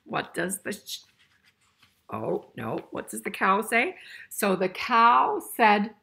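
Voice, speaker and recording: A woman's voice: medium pitch, very animated, slow, gravelly, sharp tone, breathy edge. An older woman reading a picture book aloud to children, playful and chuckling, asking her listeners questions as she goes. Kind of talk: interactive read-aloud for children.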